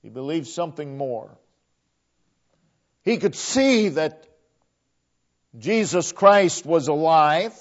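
A man's voice: fairly high pitch, very animated, slow, long pauses. A man preaching a sermon, emphatic, repeating phrases for stress. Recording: dull lo-fi recording.

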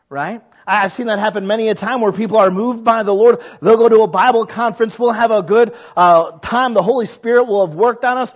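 High-ish guy preaching, talks like he's chatting, acts out what people think, kinda dull lo-fi sound. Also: brisk. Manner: conversational, acts out quoted inner voices. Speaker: pastor. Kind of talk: sermon.

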